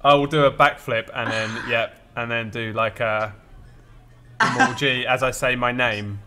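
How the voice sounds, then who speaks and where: A man's voice: mid-range voice, steady tone, a little slow, bright, forceful tone. A man chatting casually as a player in a tabletop game, joking and laughing often.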